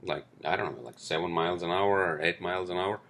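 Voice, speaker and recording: Low-voiced swearing New man. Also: fast, fairly bright tone. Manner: rambling, swears often, many fillers and tag questions. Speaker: podcast host. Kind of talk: casual solo podcast monologue.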